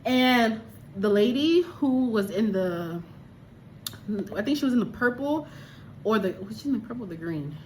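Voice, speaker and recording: A woman's voice: fairly high pitch, animated, moderate pace, long pauses, a little mellow, a little hiss or hum. A woman from Liberia chatting animatedly and exclaiming as she reviews a film. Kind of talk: casual movie review.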